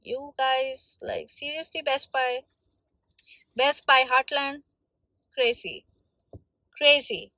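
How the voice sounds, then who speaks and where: A woman's voice: high voice, steady tone, takes it slowly, long pauses, bright, forceful tone, no echo, rough recording. A young woman vlogging on the way home, complaining in an indignant, emphatic way. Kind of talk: casual vlog rant.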